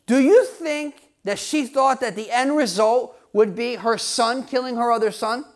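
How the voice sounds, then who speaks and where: A man's voice: very high voice, unhurried. A male pastor preaching a sermon, speaking emphatically to his congregation, often asking them questions and laughing now and then. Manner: talks straight to the congregation, asks questions.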